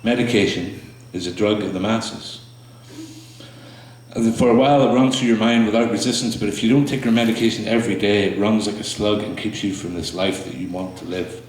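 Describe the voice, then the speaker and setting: A low-voiced poet performs his spoken word poetry for a small audience, speaking in a steady tone. Between pieces he's slow and halting, with small fillers and restarts. He's some distance from the mic in a small room with strong echo.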